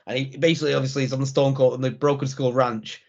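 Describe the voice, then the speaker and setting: A man's voice: mid-range voice, little pitch movement, fast, a little mellow. A man co-hosting a casual wrestling podcast, enthusiastic and rambling, with dry jokes. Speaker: podcast co-host. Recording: dull lo-fi sound.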